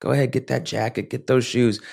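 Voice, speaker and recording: A man's voice: mid-range voice, little pitch movement, a little fast, gravelly, darkish tone. A man voicing the sly, tempting inner voice of his addiction, coaxing and wheedling.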